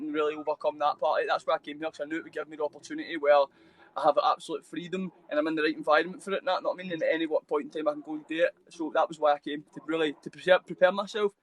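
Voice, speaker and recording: A man's voice: on the high side, rough recording. A young Scottish man with a Scottish accent, a guest telling his story on a live video call, rambling and swearing freely with lots of mate and bro. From Scotland. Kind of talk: casual storytelling interview.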